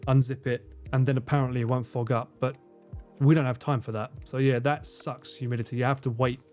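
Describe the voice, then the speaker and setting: A man's voice: mid-range voice, level tone, brisk, a little mellow, soft background music. A man in his forties with a British accent, casually reading and answering viewer comments on a livestream, swearing freely and laughing often. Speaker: livestream host. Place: room at home with air conditioning running.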